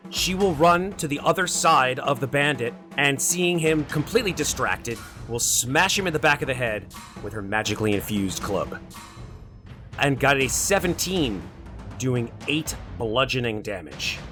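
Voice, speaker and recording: A man narrating a tabletop game as dungeon master in a lively, animated way. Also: mid-range voice, moderate pace, faint music behind.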